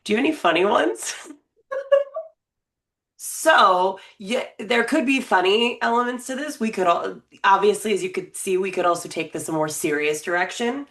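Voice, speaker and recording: A woman's voice: mid-range voice, moderate pace, a bit bright. A woman in her thirties co-hosting a podcast, chatting casually and playfully, laughing often. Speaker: podcast co-host. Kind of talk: casual chat.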